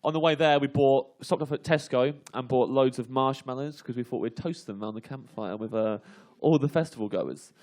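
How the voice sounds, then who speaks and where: A man's voice: medium pitch, fairly quick, hardly any pauses, a little mellow. A male comedian telling a comic anecdote on a radio panel, laughing often and filling gaps with ums. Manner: laughs through the story, with lots of fillers. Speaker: comedian guest.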